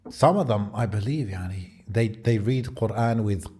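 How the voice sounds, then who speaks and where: Rambling British man, low voice. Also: moderate pace, warm tone, breathy edge. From Britain. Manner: rambling, thinks aloud with many fillers. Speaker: podcast co-host. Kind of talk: casual podcast chat.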